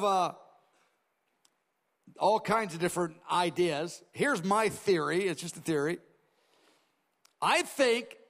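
High-voiced preacher in a reverberant hall. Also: male voice, fairly bright tone. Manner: conversational expository preaching with dramatized asides. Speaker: pastor. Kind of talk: sermon.

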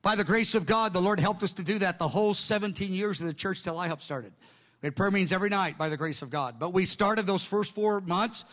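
A man's voice: sits high, quick pace. A middle-aged man, a pastor, telling stories in a sermon and acting out conversations with others. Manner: animated anecdotes, quoting others in dialogue. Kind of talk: sermon storytelling.

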